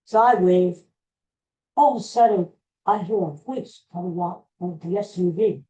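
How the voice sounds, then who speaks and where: Man, unhurried and halting, recounts a memory with many restarts; soft, dark tone. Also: high-pitched, dull audio. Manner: rambling, halting retelling with restarts. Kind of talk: personal storytelling.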